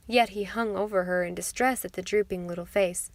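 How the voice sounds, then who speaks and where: A woman's voice: medium pitch, fairly even intonation, moderate pace, hardly any pauses, dry recording. Woman narrating an audiobook, dry close sound.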